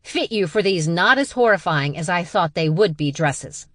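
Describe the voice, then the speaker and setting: A woman voicing a curt female fox seamstress in an audiobook, with a Serbian accent and clipped, halting phrasing. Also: lowish voice, lively intonation, no echo, clean studio sound. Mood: brusque.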